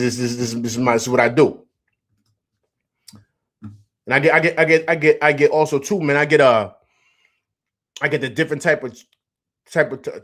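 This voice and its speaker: A man's voice: medium pitch, fairly bright tone. A man hosting a live stream, chatting casually in slang, repeating himself and answering viewers from the chat. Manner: loose slangy talk, repeats himself, reads chat aloud.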